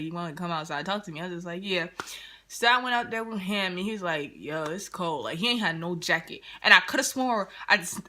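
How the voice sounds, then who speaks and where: A young woman telling a casual storytime to her viewers, animated and slangy, laughing often as she goes. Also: on the low side. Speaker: vlogger.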